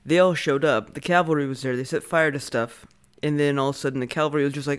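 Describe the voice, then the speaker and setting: A young man, a podcast co-host, makes quick, offhand remarks in casual chat and laughs easily. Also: medium pitch, steady tone, smooth.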